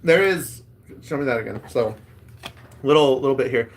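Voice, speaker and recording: A man's voice: medium pitch, animated, normal speed, a little hiss or hum. A man hosting a casual chat while opening card packs, rambling and reading card text aloud.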